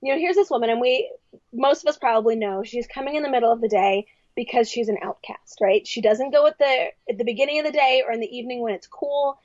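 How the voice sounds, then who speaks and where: A young adult woman speaking as a podcast guest in casual, reflective talk, animated and acting out quoted voices. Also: on the high side, fast, no room sound. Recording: dry, slightly dull sound.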